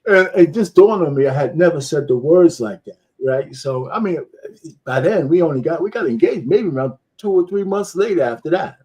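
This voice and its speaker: Mellow-voiced man telling a story. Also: a little high, normal speed. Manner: relaxed, anecdotal, quotes himself. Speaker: panelist. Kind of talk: casual storytelling.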